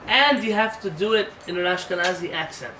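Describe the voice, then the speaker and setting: A man's voice: sits high, a little fast. A man, a rabbi, teaching an informal class in a conversational, emphatic way, often asking rhetorical questions. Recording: roomy sound from a distant mic with faint noise.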